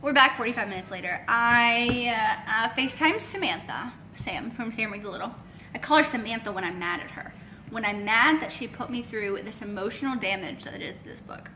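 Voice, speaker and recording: A young woman, chatting casually in a reading vlog, animated and rambling, swearing often. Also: fairly high pitch, normal speed, a little hiss or hum. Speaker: book vlogger.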